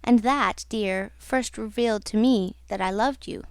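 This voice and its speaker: A woman's voice: mid-range voice, a little slow, clean tone, no echo, studio quality, natural voice. A woman reading an audiobook, voicing a young female opera singer who confides her story in an earnest, wistful way. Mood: confiding.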